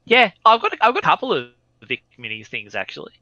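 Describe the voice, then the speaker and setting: A man's voice: high voice, wildly swooping pitch, fast, pushed and bright, no room sound. A man in a casual hobby podcast, rambling and self-deprecating. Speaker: podcast co-host. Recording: dull dry sound.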